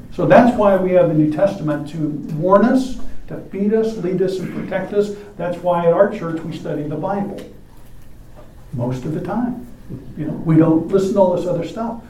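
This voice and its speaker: A pastor with a high, mellow male voice preaches a sermon in a church, emphatic and full of rhetorical questions. The mic sits at a distance in an echoey room, with slight background noise.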